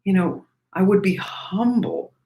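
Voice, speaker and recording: A woman giving a breathing lesson, speaking gently and reflectively and singing lines of a song between her remarks. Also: mid-range voice, measured pace, reverberant, low-quality recording. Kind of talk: breathing lesson with sung demonstration.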